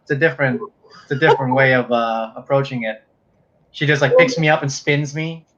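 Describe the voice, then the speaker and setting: A man chatting casually as a guest on a livestream, relaxed and rambling, often trailing off. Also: mid-range voice, a little fast, dull audio. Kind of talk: casual chat.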